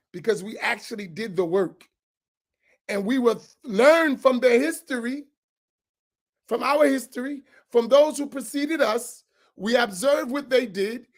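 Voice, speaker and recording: A man speaking as an imam, giving an emphatic lecture-style sermon and repeating his key points. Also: very high-pitched. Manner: asks for slides to be put up.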